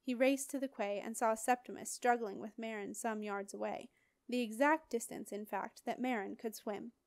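Audiobook narrator, woman, steady expressive read, fairly high voice, dry booth sound. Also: normal speed, no echo. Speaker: audiobook reader. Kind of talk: scripted narration.

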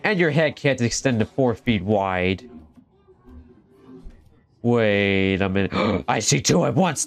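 A man commenting as he plays horror games, joking and laughing easily and chatting to the characters on screen. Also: fairly low pitch. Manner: jokey, laughs easily, talks to the game characters. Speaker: gaming video host. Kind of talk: horror game let's play commentary.

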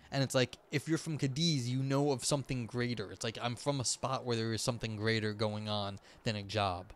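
Male livestream host, middle-pitched, reads passages then muses loosely in asides. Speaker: livestream host reading and analyzing texts. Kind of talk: reading aloud with casual commentary.

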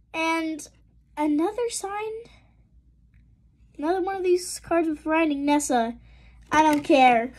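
A woman vlogging a trading card unboxing, reading out card names and exclaiming over the good pulls. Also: high-pitched. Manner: excitable, gasping and exclaiming at pulls; reads card names in a list. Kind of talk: casual unboxing commentary.

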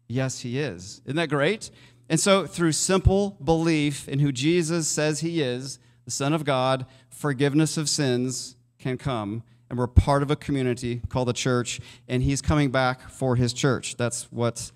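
A man's voice: medium pitch, fairly even intonation, measured pace. Man preaching in a reverberant hall. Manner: conversational, asks the congregation questions. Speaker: pastor. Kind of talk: sermon. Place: church sanctuary.

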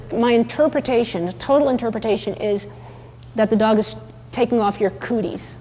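A woman's voice: a little high, mellow, big-room sound, low-quality recording. A woman teaching about dog behavior in a chatty, anecdotal lecture, with many fillers and restarts. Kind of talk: recorded lecture with video clips.

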